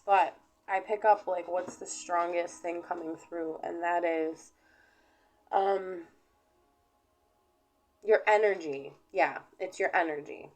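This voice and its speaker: A woman reads tarot cards for her viewers in a slow, easygoing way, drifting along with plenty of fillers. Her voice sits a little low, and soft music plays faintly behind her. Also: poor audio. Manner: unhurried, rambling, with many fillers. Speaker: tarot reader. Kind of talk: casual tarot reading to camera.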